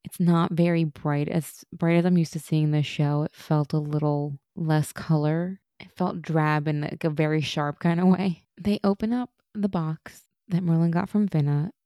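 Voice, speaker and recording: A woman's voice: low-pitched, fairly even intonation, moderate pace, hardly any pauses, warm tone, no echo, clean studio sound. A woman co-hosting a podcast, chatting casually and laughing often as she recaps a TV episode. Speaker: podcast co-host.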